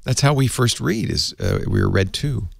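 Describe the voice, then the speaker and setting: Lively quick-talking man in a dry studio. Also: mid-range voice, gravelly, dry recording. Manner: animated, quick, laughs often. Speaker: podcast host. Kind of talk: casual chat. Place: radio studio.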